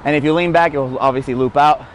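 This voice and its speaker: A man's voice: on the high side, fairly even intonation, fast talker, a little hiss or hum. A man hosting a casual BMX how-to, talking on a lapel mic outdoors, out of breath, chatty and self-mocking. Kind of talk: casual spoken tutorial. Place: outdoors by a street rail.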